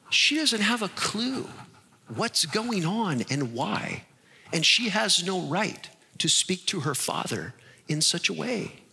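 A man preaching a sermon, animated and acting out the voices in his stories. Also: high-pitched, slow, breathy edge, big-room sound. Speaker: pastor.

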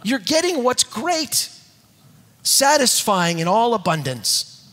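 A man preaching a sermon, emphatic and repetitive, dropping to soft low tones when reading scripture. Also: big pitch swings, takes it slowly. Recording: long hall reverb, husky.

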